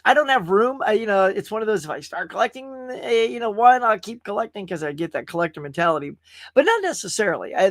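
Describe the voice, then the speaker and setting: A man hosts a casual livestream show, rambling as he chats and reads viewer messages aloud. His voice sits high and a bit bright, captured on a webcam stream setup with clean studio sound and no room sound.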